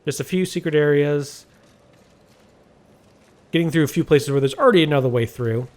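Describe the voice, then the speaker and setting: A man's voice: on the high side, normal speed, a little mellow. A man giving casual walkthrough commentary on a video game, rambling and correcting himself with wry asides, recorded at home on a desk microphone.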